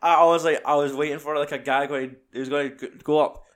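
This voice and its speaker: A man's voice: on the high side, steady tone, fast. A young man chatting casually about a film, rambling and swearing as he retells scenes. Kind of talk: casual film review chat.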